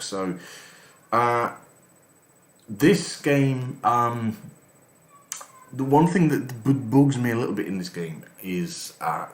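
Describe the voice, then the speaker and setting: A man giving casual let's-play commentary as host, reading game text aloud between his comments. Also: lowish voice. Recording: echoey room with faint noise.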